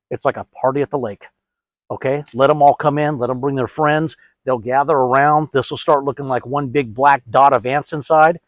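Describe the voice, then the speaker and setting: A man's voice: medium pitch, no echo, muffled recording. A middle-aged man hosting a DIY product tutorial, chatty, asking and answering his own questions. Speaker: host.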